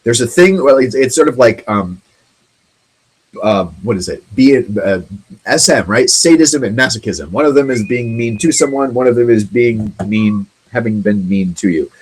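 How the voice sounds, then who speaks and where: A man hosting his own web show, reading out odd news stories in a rambling, halting way, with many ums and sarcastic asides. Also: medium pitch, expressive, darkish tone, husky, rough recording. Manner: sarcastic, jokey remarks on the stories.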